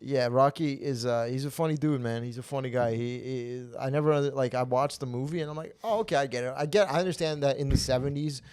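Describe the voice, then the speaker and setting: A man's voice: mid-range voice, quick pace, few pauses, clean tone, no room sound. A young man hosting a comedy podcast, telling rambling, profane stories in casual chat. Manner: rambling, profane, animated storytelling. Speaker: podcast host.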